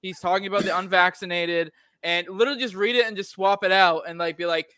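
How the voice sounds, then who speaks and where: A man's voice: high-pitched, fairly even intonation, fast talker, hardly any pauses, bright, forceful tone, clear, resonant tone. A man in a casual podcast chat, pushy and crude, goading a friend.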